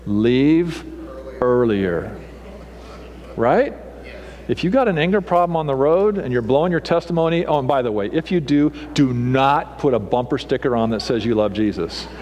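A middle-aged man preaching a sermon as pastor, animated and theatrical, acting out people's voices to make his points. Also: moderate pace, in a large hall, dull audio. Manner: animated, mimics people with raised pitch and punchy delivery.

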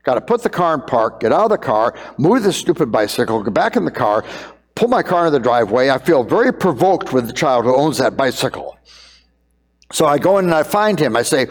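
A middle-aged man preaching as a pastor, earnest, sometimes acting out scenes in quick raised voices. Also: mid-range voice, very animated, in a large hall. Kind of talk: sermon on parenting.

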